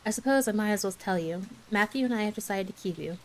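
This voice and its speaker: A woman voicing a strict older spinster who speaks curtly and disapprovingly, in a soft ASMR bedtime story reading. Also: mid-range voice, fast talker, close to an everyday voice, low-quality recording. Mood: stern. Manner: curt, disapproving, clipped.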